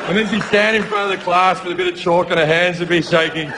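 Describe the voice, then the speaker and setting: A man's voice: high voice, steady tone, quick pace, long reverb tail. Brash Australian man doing stand-up. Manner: profane, brash, mocking. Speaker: stand-up comedian. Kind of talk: stand-up comedy routine. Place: theatre with live audience. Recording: live show, loud crowd noise.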